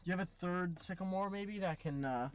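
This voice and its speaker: A man's voice: high voice, brisk, smooth. A man in casual chat, making dry, joking asides. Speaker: co-host.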